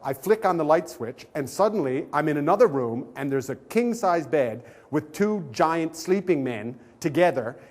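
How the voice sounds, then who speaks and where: A man's voice: on the high side, moderate pace, few pauses. Man telling a comic anecdote. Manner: animated storytelling, acting out quoted voices. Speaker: comedian telling a story. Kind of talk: comic anecdote on a talk show.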